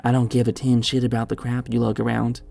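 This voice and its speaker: A man voicing a cruel, monstrous male creature who speaks in a slow, raspy, diseased Texas drawl. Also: medium pitch, monotone, dark tone. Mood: menacing drawl.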